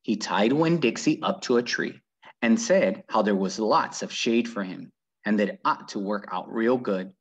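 A man reading a children's book aloud with very lively, animated storytelling. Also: on the low side, moderate pace, husky. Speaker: reader.

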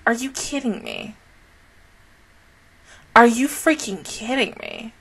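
A young woman reviewing an anime episode in a loud, expressive way, swearing often and swinging between shouts and laughter. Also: a little high, slow pace, pauses often, background noise. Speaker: anime reaction YouTuber. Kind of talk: excited anime reaction review.

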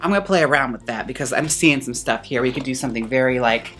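A man's voice: medium pitch, fast, a bit bright, faint music behind. A man hosting a wig-styling video in a playful, campy, chatty way. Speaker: wig stylist and channel host. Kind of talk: casual tutorial chat.

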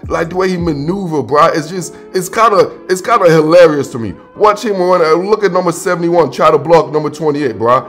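Hyped high-voiced man breaking down game film. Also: a bit bright. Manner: hyped, slangy, repeats phrases, calls viewer "dog" and "bro". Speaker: football film breakdown host. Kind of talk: casual commentary over game film.

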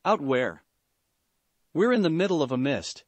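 A man's voice: on the high side, big pitch swings, a little slow, no echo. A man reading as a sarcastic young warrior. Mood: mocking. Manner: mocking, dry wit. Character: sarcastic young male warrior, cool-headed.

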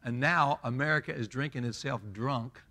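A man over fifty, preaching a sermon in an emphatic, folksy way that swells loud. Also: medium pitch, normal speed. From Southern US. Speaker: pastor.

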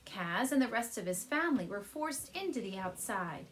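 A woman teacher reading a children's chapter book aloud from her couch at home, speaking gently and warmly to young listeners. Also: medium pitch, normal speed, a little hiss or hum. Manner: gentle, animated storyteller addressing kids.

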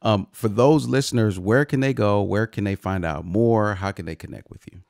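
A man's voice: lowish voice, moderate pace, vocal fry, a little mellow, no echo, studio quality. A man hosting a podcast interview, talking in an effusive, casual way with many repeated words and restarts. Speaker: podcast host.

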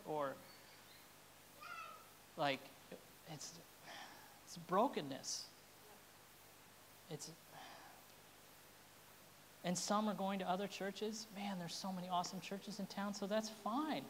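A woman's voice: mid-range voice, takes it slowly, pauses often. Woman pastor preaching, earnest and kinda emotional, medium voice, bit of hiss behind. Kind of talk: sermon.

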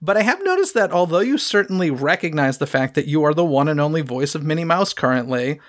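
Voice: mid-range voice, big pitch swings, fast. A podcast host interviewing a guest with curious questions. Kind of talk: casual interview.

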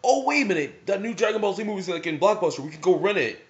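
A man imitating his excited mother in a high, bubbly voice, heard on a slightly muffled recording. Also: fast talker. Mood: eager. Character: excited mother remembering a movie.

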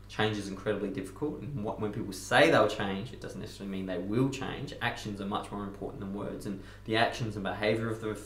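A man telling a fable in a self-help talk, casual and conversational, with many fillers. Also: on the low side. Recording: roomy echo.

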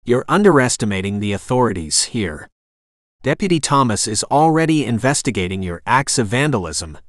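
A man's voice: mid-range voice, big pitch swings, moderate pace, no room sound, clean studio sound, close to an everyday voice. A man reading as a pleading young widow.

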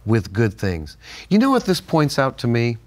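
A man's voice: mid-range voice, wildly swooping pitch, normal speed. An older man co-hosting a Bible-teaching chat, telling stories and laughing often. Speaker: co-host.

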